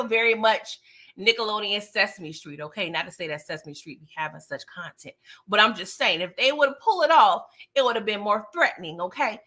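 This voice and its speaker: Woman, 30s, from New York; chatty, sassy recap vlogger, bright higher voice. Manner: chatty, sassy, animated asides with frequent "okay?". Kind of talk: casual episode recap.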